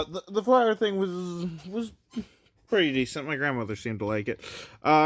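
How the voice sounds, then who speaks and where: A young man talks in an unhurried, halting ramble full of ums and self-deprecating asides. He sounds tired from the late hour. His voice is smooth and clean, with a close, dry sound. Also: fairly high pitch, fairly bright tone, no room sound. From Canada. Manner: hesitant, rambling, self-deprecating, many fillers. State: tired, recording late at night. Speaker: toy reviewer. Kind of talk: casual review vlog.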